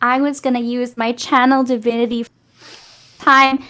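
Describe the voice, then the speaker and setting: A woman's voice: a little high, level tone, normal speed, bright, forceful tone. A woman playing a tabletop game, easygoing as she explains her plan. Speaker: player. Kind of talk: casual game chat.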